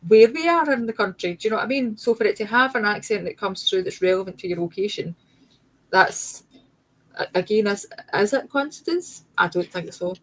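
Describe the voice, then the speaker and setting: A woman's voice: medium pitch, animated, a little fast, a bit bright, rough recording. A woman speaks as a guest in a casual conversation. She argues her point insistently and emphatically, breaking off and restarting her sentences. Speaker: guest paranormal investigator. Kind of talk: casual chat.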